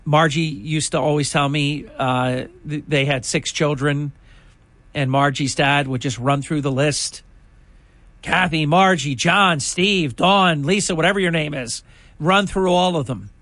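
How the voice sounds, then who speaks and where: A man's voice: a little high, unhurried, a bit bright, dry recording. Indignant older male talk host. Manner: indignant, conversational, rambling asides. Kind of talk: political talk commentary.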